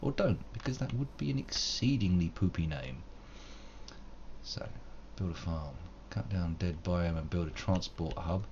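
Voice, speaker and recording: Deep-voiced rambling man gaming. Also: lively intonation, unhurried, a little mellow, lo-fi sound, slight background noise. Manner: rambling, wordy and self-mocking, with old-fashioned flourishes. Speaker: game streamer. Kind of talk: live gameplay commentary.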